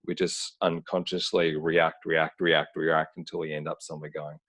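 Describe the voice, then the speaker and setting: Deep-voiced earnest man on a call. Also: flat delivery, normal speed, fairly bright tone. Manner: earnest, searching, frequent "like" fillers. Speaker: podcast guest. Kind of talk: reflective conversational talk. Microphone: remote call.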